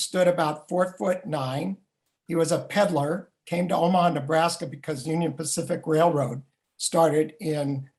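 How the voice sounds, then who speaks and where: An older man and Jewish educator telling a family story in a vivid, animated way. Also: on the high side. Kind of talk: storytelling talk.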